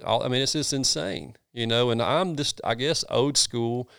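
A man's voice: mid-range voice, normal speed, creaky, a bit bright, smooth, no room sound, studio quality. A man, a pastor talking in a casual chat, earnest and folksy, with many restarts.

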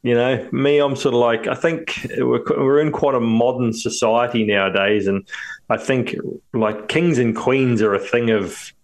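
A man's voice: medium pitch, steady tone, moderate pace. A man co-hosting a podcast in loose, casual chat, laughing often and swearing freely. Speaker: podcast co-host.

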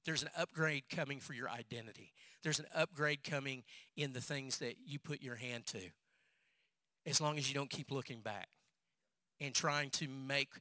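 A male pastor preaching a sermon as an animated storyteller who repeats phrases for emphasis. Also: mid-range voice, dry recording.

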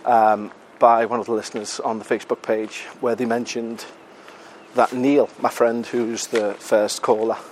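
A man's voice: medium pitch, flat delivery, measured pace, a little hiss or hum. A British podcast host, a man, chatting casually and self-mockingly while out walking, a little out of breath, with the odd swear word. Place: outdoors on a city street.

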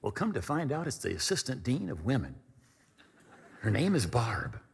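Animated preacher in a reverberant hall. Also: male voice, medium pitch, moderate pace, gravelly, husky. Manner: animated, repetitive, shifts from comic to earnest. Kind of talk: storytelling sermon. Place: church hall at a podium.

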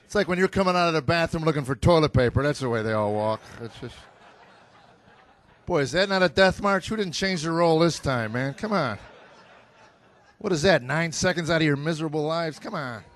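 On stage before a live audience, a middle-aged American stand-up comedian tells stories about his sons. His delivery is deadpan, with exasperated asides, and his voice is a little high and a little fast.

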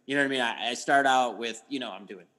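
A man's voice: mid-range voice, fast, pushed and bright. A middle-aged man in casual chat, telling stories animatedly, swearing and acting out his own outbursts.

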